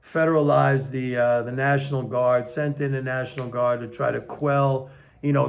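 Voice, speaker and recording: An older man giving a casual, emphatic opinion monologue on economics, slowing down to stress his points, recorded on a camera on a tripod. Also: medium pitch, creaky. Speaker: economics commentator.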